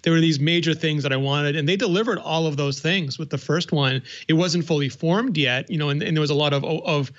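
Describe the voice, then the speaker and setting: A man's voice: a little high, brisk, few pauses, highs cut off. A man on a podcast panel in casual tech chat, talking fluently and with enthusiasm.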